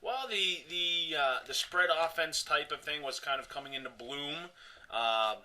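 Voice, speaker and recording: Bright-toned podcast co-host. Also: male voice, fairly high pitch, unhurried. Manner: offhand, rambling sports opinions. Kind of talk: casual podcast chat.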